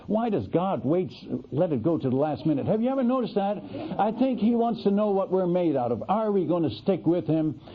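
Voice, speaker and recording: A man, a missionary preacher, tells a story from the pulpit in an animated, folksy way, often restarting his sentences. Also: sits high, fairly quick, hardly any pauses. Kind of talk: storytelling sermon. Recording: tinny, lo-fi radio broadcast.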